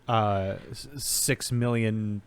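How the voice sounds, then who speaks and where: A man's voice: on the low side, steady tone, very slow, smooth. A man co-hosting a podcast in casual chat, rambling through guesses and making dry jokes. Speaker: podcast co-host.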